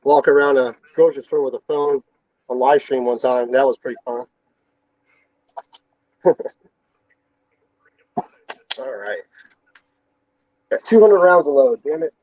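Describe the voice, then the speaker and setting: A man's voice: medium pitch, unhurried, pauses often, dry recording, dull audio. A man chatting offhandedly on a live stream while he works at reloading. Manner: offhand, talks while working at a bench. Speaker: panelist. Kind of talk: casual live-stream chat.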